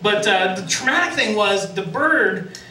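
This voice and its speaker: A man's voice: sits high, expressive, a little slow, sharp tone, a little hiss or hum. A man doing a self-deprecating stand-up comedy set as emcee on a sports bar stage, laughing at his own jokes. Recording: echoey bar from a distance.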